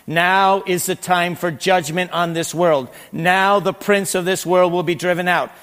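A man preaching a sermon and reading scripture, animated and swinging between loud emphasis and quiet asides. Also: sits high, measured pace. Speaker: pastor. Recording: long reverb in a large hall.

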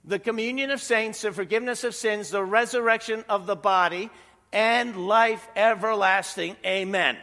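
A man's voice: sits high, fairly even intonation, normal speed, sharp tone, big-room sound. A middle-aged man preaching a sermon as pastor, in a conversational way that leans on rhetorical questions.

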